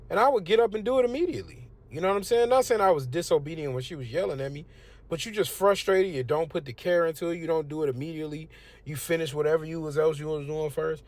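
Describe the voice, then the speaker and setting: A man's voice: fairly high pitch, fast talker, a little mellow. A young man from the United States giving a casual religious testimony, preachy and conversational. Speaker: testimonial speaker.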